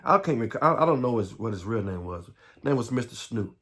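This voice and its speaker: Middle-aged Southern man recounting his own past, unscripted, stumbling and restarting, voice mid-pitched. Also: animated, a bit bright. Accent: Southern American. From Southern United States. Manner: halting, repeats words, frequent restarts. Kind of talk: personal life story monologue.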